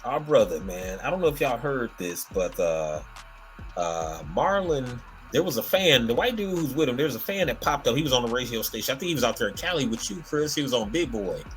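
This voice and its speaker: A man's voice: medium pitch, brisk, soft background music. A man hosting a casual comedy podcast, retelling a story with lots of fillers and restarts. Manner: animated, rambling storytelling with many fillers. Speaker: podcast host.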